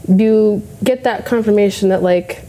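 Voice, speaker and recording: Mellow-voiced woman telling a story. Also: mid-range voice, a little slow. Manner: animated, acts out her own past thoughts. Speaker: bodybuilding competitor. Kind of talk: casual storytelling.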